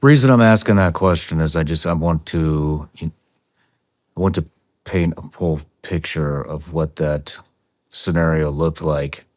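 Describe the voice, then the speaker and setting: A male American podcast host asking measured, probing questions in an interview. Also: very deep voice, a little mellow, dry recording, studio quality. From United States.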